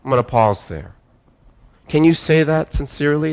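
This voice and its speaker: A man preaching a sermon, building phrases up and dropping them low, pausing, repeating words and restarting himself. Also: lively intonation, vocal fry, a little mellow. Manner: emphatic preaching, rising and falling with pauses. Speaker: pastor.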